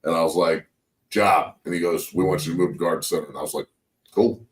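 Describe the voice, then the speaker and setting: A man in his forties hosting a casual sports talk show, telling profane, animated football stories and acting out quotes. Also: low-pitched, fairly quick, recorded from a distance, low-quality recording. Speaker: show host, former NFL lineman turned coach.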